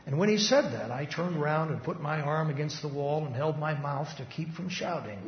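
A man preaching a first-person testimony in a dramatic recitation style, emphatic, swinging between loud and hushed. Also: on the high side, brisk, hardly any pauses. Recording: echoey hall, dull lo-fi sound.

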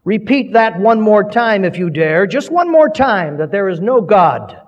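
A man's voice: high-pitched, measured pace, pitched above the performer's own voice. A man voicing a brawny, reformed miner who thunders threats at a heckler. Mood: thundering. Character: brawny reformed male miner, furious and blunt. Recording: dull recording with long hall reverb.

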